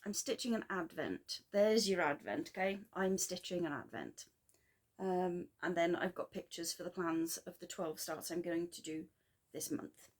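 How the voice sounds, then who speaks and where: A woman chatting casually in a craft vlog, rambling and self-deprecating with quick asides. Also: on the low side, lively intonation. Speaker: flosstube vlogger. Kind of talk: casual chat.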